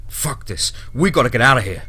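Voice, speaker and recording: A man voicing a frightened young man who curses loudly in alarm. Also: fairly high pitch, sing-song, normal speed, breathy edge, pitched above the performer's own voice, heavily acted. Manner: loud, alarmed cursing. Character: scared young man, blunt and loud.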